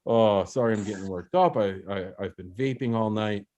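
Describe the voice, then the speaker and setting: A man's voice: lowish voice, normal speed, a little mellow, lo-fi sound, a little hiss or hum. A young man hosting an open mic over a video call, doing a rambling, self-mocking stand-up bit with frequent laughs and restarts. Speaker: open mic host and comedian.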